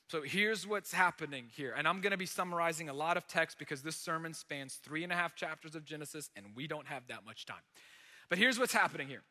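Man, pastor, sermon, animated storytelling, high voice, long hall reverb. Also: a little fast. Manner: animated, conversational storytelling with dramatic emphasis.

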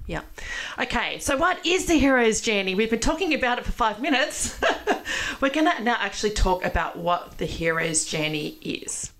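A woman's voice: a little high, sing-song, moderate pace, fairly bright tone, poor audio. A woman hosting a casual interview chat, effusive and full of restarts and fillers. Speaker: podcast host.

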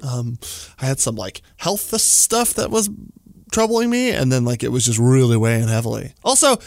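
Animated man recounting a dream. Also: medium pitch, moderate pace, dry recording. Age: 40s. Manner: animated, laughing, lots of fillers. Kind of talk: casual storytelling. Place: studio.

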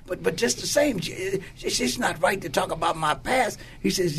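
A man's voice: high voice, moderate pace, creaky, fairly bright tone, slight background noise. An older man, a bishop from Oakland, telling his life story emphatically and acting out the quotes in a preacherly cadence. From Oakland, California. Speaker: bishop, guest. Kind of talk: candid testimony in a conversation.

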